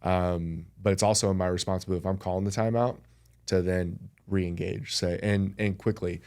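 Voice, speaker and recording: Male guest, very low voice, earnest reflective chat. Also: fairly even intonation, normal speed, a little mellow. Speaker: podcast guest. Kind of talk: casual conversation.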